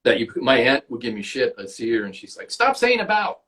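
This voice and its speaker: A man's voice: mid-range voice, steady tone, fast talker, a bit bright. A man with a Canadian accent, an actor and guest on an interview podcast, tells casual stories and swears freely. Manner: swears freely, storytelling with acted quotes.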